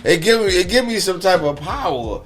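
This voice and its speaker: A man's voice: sits high, animated, a little fast, music in the background. A man talking as a podcast guest, ranting profanely and laughing in casual chat.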